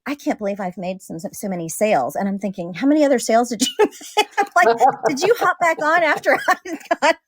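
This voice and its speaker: A woman's voice: a little high, expressive, brisk, no echo. A woman chatting casually as a guest, laughing often and acting out bits of family dialogue. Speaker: single mother. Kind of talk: casual conversation.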